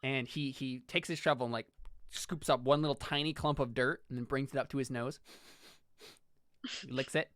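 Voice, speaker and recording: A player narrating a tabletop role-play scene, rambling along with a steady stream of "like"s. The voice sits at a middle pitch and sounds close and dry. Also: moderate pace, pauses often, no room sound. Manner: rambling with many "like"s.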